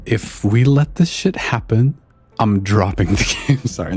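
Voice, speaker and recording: A male streamer reacting to a game, excitable and amped up, swearing and stumbling over his words. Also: on the low side, measured pace, husky, faint music behind.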